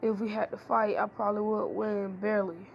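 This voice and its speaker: A woman's voice: mid-range voice, level tone, fairly quick, gravelly, a little hiss or hum, natural voice. A woman voicing a brash teenage boy ninja who boasts and gives orders. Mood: boastful. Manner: boastful, takes charge.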